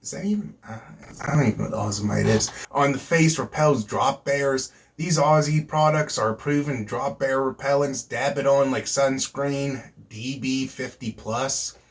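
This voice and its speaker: A man's voice: medium pitch, unhurried. A man hosting his own video, rambling casually and joking, with frequent swearing, recorded outdoors at night. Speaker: YouTube host. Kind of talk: casual vlog chat.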